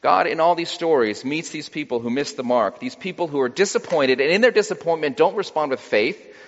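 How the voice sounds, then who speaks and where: A man preaching a sermon in a relaxed, conversational way, with wry humor. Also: on the high side, brisk. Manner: conversational, acts out quoted voices with wry humor. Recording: dull sound with long hall reverb.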